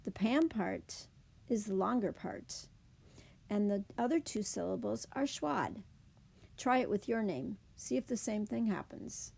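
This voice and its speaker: A woman teaching a slide presentation lesson, explaining slowly and carefully. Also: medium pitch, expressive, vocal fry, mellow, breathy edge. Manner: slow, careful, deliberate explanation.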